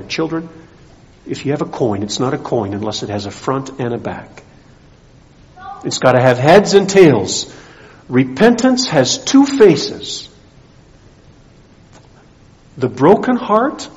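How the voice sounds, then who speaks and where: A male pastor preaching a sermon, rising to strong emphasis and dropping low again. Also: sing-song, a little slow, a little mellow, dull audio.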